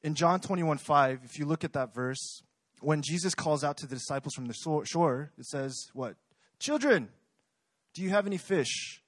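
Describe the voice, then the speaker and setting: A man's voice: on the high side, normal speed, no room sound. A young man preaching a sermon in a conversational way, often asking the congregation questions. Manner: conversational, asks the audience questions.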